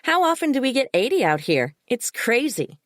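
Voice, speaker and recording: A woman reading the part of a bubbly, breezy female relative in an audiobook, brighter and quicker than her narration. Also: fairly high pitch, big pitch swings, no echo, clean studio sound, pitched above the performer's own voice.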